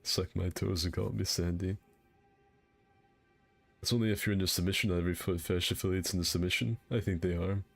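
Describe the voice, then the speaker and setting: Faint music plays behind a young streamer hosting a game fight night, whose low, gravelly voice stays steady and brisk but breaks into long pauses. He rambles casually through crude, joking banter and laughs often.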